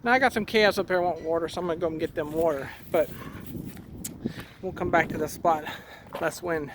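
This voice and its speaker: A man's voice: a little high, a little fast. A man, a cattle farmer, talking casually to camera outdoors on his farm, plain-spoken and rambling, a bit out of breath. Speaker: cattle farmer and channel host. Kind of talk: casual vlog talk to camera. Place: outdoors on a farm in high wind. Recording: outdoor recording with clear wind noise.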